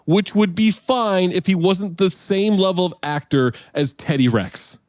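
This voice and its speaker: A man's voice: high voice, a little slow, hardly any pauses, darkish tone, dry recording, studio quality, soft background music. A man co-hosting a casual podcast about movies, joking around, laughing often and swearing freely. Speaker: podcast co-host.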